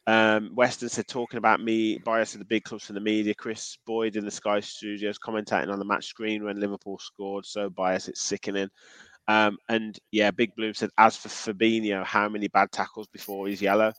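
A man's voice: lowish voice, flat delivery, normal speed, a bit bright, no echo. A man hosting a football podcast, chatting casually with fillers and reading out listener comments. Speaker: podcast host.

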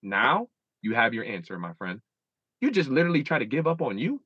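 A man's voice: medium pitch, big pitch swings, a little fast, breathy edge, dry recording, lo-fi sound. A man in his thirties, a guest in a casual interview, telling stories animatedly and acting out his own inner dialogue. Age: 30s.

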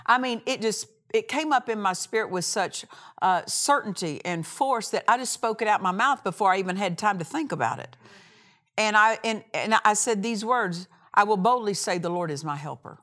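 A woman teaching from the Bible, emphatic, repeating phrases for stress and reading scripture slowly. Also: medium pitch, expressive, fairly bright tone. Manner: reads scripture slowly and deliberately.

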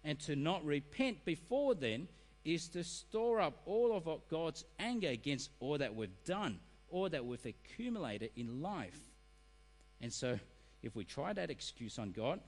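A middle-aged man preaching a sermon, animated and acting out excuses in quoted voices. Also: a little high, a little slow. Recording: reverberant hall.

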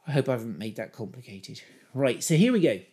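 A man's voice: medium pitch, brisk. Guy preaching, chatty and jokey with the congregation, gets pretty fired up. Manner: enthusiastic, rising to excited emphasis; chatty, humorous asides to the congregation. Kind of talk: sermon with Bible reading.

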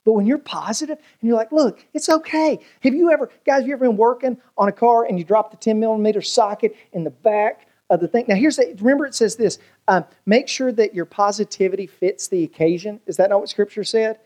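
Joking pastor telling stories in a sermon. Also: male voice, high-pitched, fast, few pauses. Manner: humorous storytelling, animated quoted voices.

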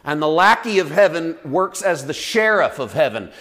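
A male pastor preaching to his church in an easy, conversational way and breaking into acted-out asides. His voice sits a bit high for a man, and his pitch swings widely. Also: big pitch swings, moderate pace, few pauses, fairly bright tone. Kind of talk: sermon.

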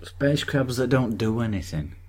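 A man co-hosting a podcast in casual chat, deadpan and grumbly. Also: medium pitch, moderate pace, slight background noise. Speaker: podcast co-host.

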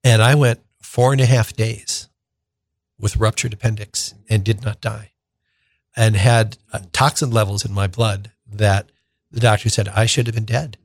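A man in his sixties from northern Minnesota, a deacon and radio host telling a personal story in a conversational, animated way. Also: fairly low pitch, a little slow, no echo. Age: 60s. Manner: conversational, animated retelling with acted-out quotes.

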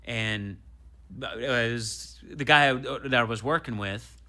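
Slow-paced and mid-range in voice, a man in his thirties who is a comedian guest recounts a story in casual talk. He performs other people's lines with animated energy and plenty of swearing.

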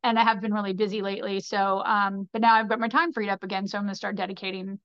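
A woman's voice: medium pitch, flat delivery, quick pace, smooth, no room sound. A woman guest on a podcast, telling stories in a casual, rambling way full of "like" and "you know". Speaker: podcast guest, fashion designer. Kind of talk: casual conversational storytelling. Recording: dull, muffled sound.

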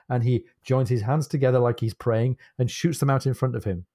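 A man's voice: mid-range voice, moderate pace, hardly any pauses, dry recording, clean studio sound. Man reading and discussing a novel. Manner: animated, reads quotes expressively, laughs easily. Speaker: podcast co-host. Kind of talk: book discussion with read-aloud passages.

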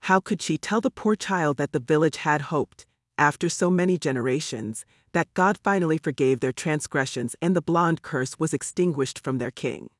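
A man narrating an audiobook in a measured, even storytelling manner. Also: a little high, no room sound, studio quality.

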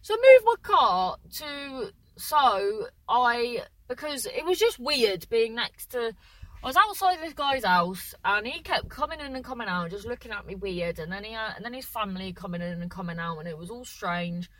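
A woman's voice: fairly high pitch, big pitch swings, moderate pace, a bit bright, no echo, poor audio. A woman co-hosting a podcast from a parked car, chatting in a rambling, self-mocking way while congested with a runny nose. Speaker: podcast co-host. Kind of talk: casual chat.

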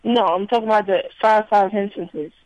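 A woman's voice: medium pitch, brisk, highs cut off. A woman sits in as a radio guest and answers in a casual, blunt way. Her replies are short and plainspoken. The sound is dry, with no room echo. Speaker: radio guest telling her workplace harassment story. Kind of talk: casual talk.

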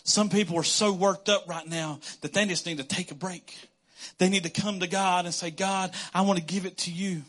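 A man preaching a casual, conversational sermon as a pastor, animated and quick to laugh. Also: high-pitched. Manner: animated, conversational, laughs often, acts out quotes.

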